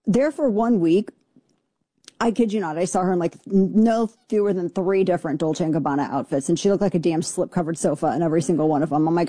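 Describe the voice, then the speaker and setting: Woman, talk radio host, sarcastic, brash, opinionated, mellow dark voice, dry studio sound. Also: fairly low pitch, dry recording. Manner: brash, sarcastic, fast-talking.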